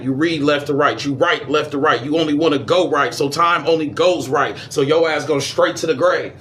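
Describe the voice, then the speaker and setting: Man, fairly high voice, casual lecture, profane slang, reads then riffs, faint background hiss. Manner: animated, jumps between high and low registers. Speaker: esoteric lecturer.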